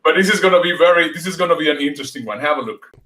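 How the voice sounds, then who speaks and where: A man's voice: fairly high pitch, lively intonation, racing, bright, forceful tone. A man hosting a casual chat, hesitant with many fillers and frequent laughter. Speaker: host.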